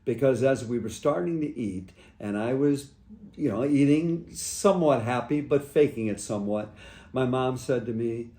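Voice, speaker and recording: A man who is a priest, sharing a gentle personal reflection in a halting, heartfelt way with many restarts. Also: mid-range voice, animated. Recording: echoey room.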